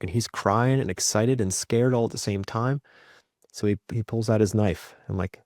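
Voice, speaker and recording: A man who is a podcast guest and a father, telling candid stories in conversation. He is reflective, often checks in with "right?", and acts out the quotes in his stories with lively energy. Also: lowish voice, moderate pace, no echo, studio quality.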